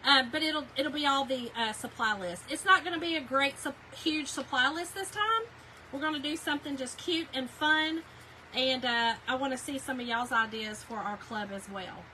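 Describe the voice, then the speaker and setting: In a high, pushed, bright voice at a moderate pace, a middle-aged woman streams live crafting from her home craft room and chats casually with viewers. She reads their comments aloud and speaks to them directly, with a rough recording carrying slight hiss or hum.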